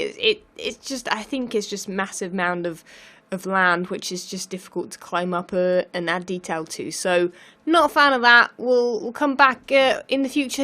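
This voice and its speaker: A woman with a slightly hoarse morning voice, chatting casually while commentating on her gameplay. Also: mid-range voice, fairly bright tone. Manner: chatty, rambling with restarts. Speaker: Let's Play host.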